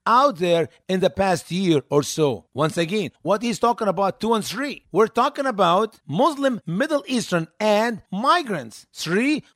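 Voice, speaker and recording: Emphatic man with a high, lively voice. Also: unhurried, few pauses, dry recording, studio quality. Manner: emphatic, repeats phrases, rising to urgent pleas. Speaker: program host. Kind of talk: commentary monologue.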